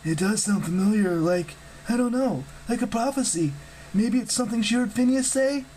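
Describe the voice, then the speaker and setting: A reader voicing a gentle, worried teenage girl in a storybook. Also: mid-range voice, moderate pace, slight background noise, pitched above the performer's own voice, close to an everyday voice, rough recording. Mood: concerned. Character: kind, anxious teenage girl.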